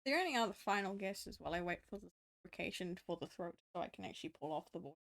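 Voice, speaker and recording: Young woman streamer, swears a lot, bouncy up-and-down pitch, dry close sound. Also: animated, fast, gravelly, no room sound. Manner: chatty, swears freely, laughs often. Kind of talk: casual late-night live-stream chat while drawing. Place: room at home.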